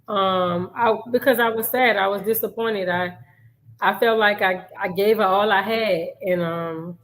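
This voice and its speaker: A middle-aged woman, a mother, talking on a show with emotion and hesitation, pausing often. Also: medium pitch, a bit bright, poor audio. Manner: emotional, hesitant, many "um" pauses. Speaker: guest, mother. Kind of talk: casual talk show conversation.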